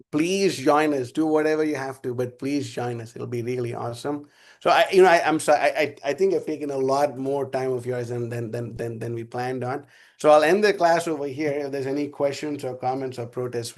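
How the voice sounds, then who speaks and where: A man's voice: medium pitch, a little mellow. A man giving a casual spiritual class, telling a rambling story with frequent laughter. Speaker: class speaker.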